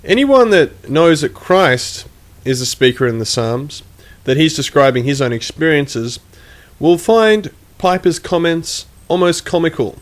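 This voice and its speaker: A man giving critical commentary, measured and emphatic, reading quotations aloud as he argues. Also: medium pitch, animated. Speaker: online commentator.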